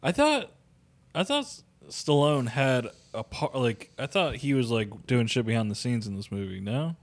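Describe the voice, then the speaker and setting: A man's voice: medium pitch, big pitch swings, moderate pace. A man co-hosting a podcast, joking and cursing casually while discussing a movie. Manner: profane, loose, joking. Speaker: podcast co-host. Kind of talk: casual movie review banter.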